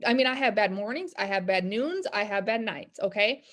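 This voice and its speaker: A business coach in her thirties speaks over a video call with a mid-range, fairly bright, expressive voice. Talking briskly and candidly, she rambles about faith and discouragement in a casual motivational talk.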